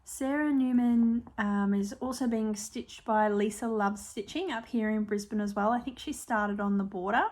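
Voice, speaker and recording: A woman's voice: medium pitch, normal speed, hardly any pauses. Chatty Australian woman stitching vlogger. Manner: chatty and warm, with frequent ums and apologies. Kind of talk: casual show-and-tell chat.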